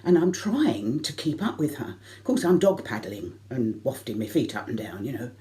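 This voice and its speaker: A middle-aged woman telling a comic personal anecdote to a concert audience, lively and self-mocking. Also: rumbling low, normal speed. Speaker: variety concert performer.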